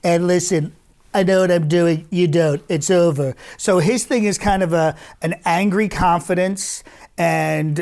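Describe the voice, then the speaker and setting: High-voiced man explaining impressions. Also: mellow. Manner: explains voice technique in detail, with restarts. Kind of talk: interview answers.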